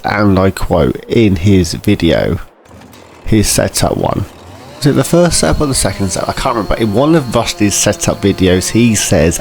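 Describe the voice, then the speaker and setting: Guy chatting slow over his farming game, gravelly, keeps clearing his throat. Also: lowish voice, sing-song, darkish tone, slight background noise. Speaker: gameplay commentator. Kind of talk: casual gameplay commentary.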